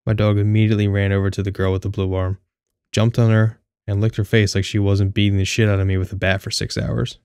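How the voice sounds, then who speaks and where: A young man reads a first-person story with a wry, candid edge and the odd curse. His voice sits low and stays fairly flat, smooth and clear. The sound is dry and close, with no room to it. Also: fast, dry recording. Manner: candid, wry, casually profane. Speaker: audiobook narrator.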